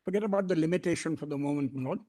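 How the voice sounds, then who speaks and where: A man with an Indian English accent races through a formal argument before a court bench, his voice on the high side with a dark tone. Emphatic but deferential, he keeps addressing the judges as "my lord" and restarting his phrases.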